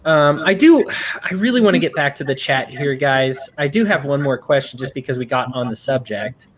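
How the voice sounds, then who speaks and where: A man's voice: mid-range voice, animated, moderate pace. Man, podcast host, earnest, rambling, mid-range voice. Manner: earnest, rambling, often acts out quotes. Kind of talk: interview hosting.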